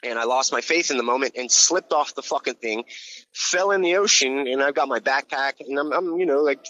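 A man tells a rambling, profane story in a bright, forceful voice. He swears constantly and gets loud when he acts out scenes. The recording sounds slightly dull and lo-fi. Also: mid-range voice, brisk. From Hawaii. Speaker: guest telling his story. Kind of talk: casual storytelling.

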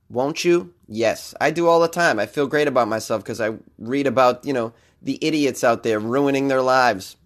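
A man's voice: medium pitch, normal speed, few pauses, a bit bright. A man hosting his own podcast in a loose, jokey, rambling way, often laughing at his own lines. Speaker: podcast host. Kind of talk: casual solo podcast chat.

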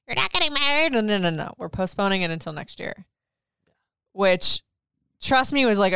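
A podcast host in her thirties chats casually about personal things, candid and laughing often as she tells lively stories. Her voice is slightly low, very smooth and clean. The recording is dry and close-miked, with no room sound at all.

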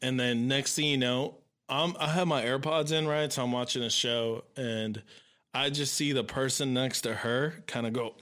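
Animated, cursing man telling a story. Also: mid-range voice, moderate pace. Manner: animated, profane, acts out voices in his story. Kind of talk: casual chat.

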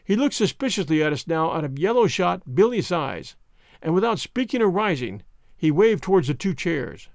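A man narrating a classic detective story for an audiobook in a measured storytelling way, on a close mic. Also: high-pitched, sing-song, creaky, dry recording.

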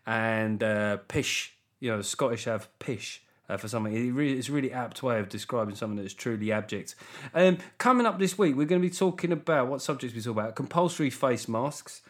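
A middle-aged man with a Southern English accent hosts his own comedy podcast alone. His voice sits at an ordinary middle pitch. He riffs loosely and swears freely, with quick asides. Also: animated, a bit bright. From England. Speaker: podcast host. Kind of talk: solo comedy podcast chat.

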